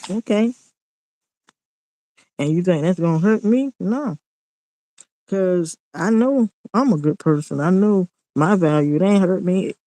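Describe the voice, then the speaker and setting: Man, casual vlog monologue, blunt, preachy, fairly high voice, dry close sound. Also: expressive, measured pace, pauses often, dark tone, dry recording, rough recording. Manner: blunt, preachy, repeats himself.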